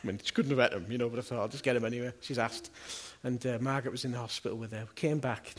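A man's voice: mid-range voice, fairly even intonation, racing. A middle-aged man preaching a sermon in a church, talking earnestly and conversationally and asking his listeners question after question. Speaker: pastor.

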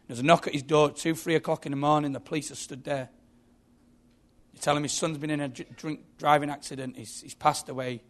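A man's voice: fairly high pitch, fairly even intonation, a little fast. A man preaching a sermon, earnest and emphatic, telling a story.

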